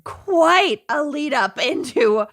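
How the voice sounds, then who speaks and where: A woman's voice: high voice, expressive, slow, fairly bright tone. A woman co-hosting a podcast, dry and casual, swearing freely. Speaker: podcast co-host. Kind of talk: casual chat.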